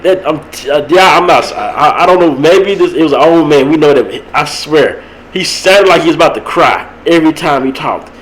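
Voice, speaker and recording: A young man, hosting a podcast and rambling about a local high school football game. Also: brisk, a little hiss or hum, poor audio. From Texas. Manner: rambling, animated, laughs at his own stories. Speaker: podcast host. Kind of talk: casual sports talk.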